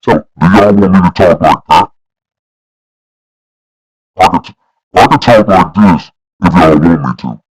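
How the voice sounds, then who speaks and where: Brief: man through a pitch-lowering voice changer, very deep, unnatural timbre. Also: unhurried, long pauses. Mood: teasing.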